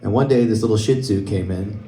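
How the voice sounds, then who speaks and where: This young man's voice sits on the low side, brisk and mellow, with a faint hiss or hum. He's doing stand-up on a club stage, telling stories conversationally and laughing at his own jokes. The mic is distant and the club sound is roomy.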